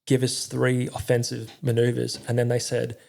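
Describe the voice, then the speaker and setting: A young man, a former soldier, telling his story in a candid interview, halting, with lots of fillers and swearing. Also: medium pitch, monotone, vocal fry, a little mellow. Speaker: podcast guest, army veteran.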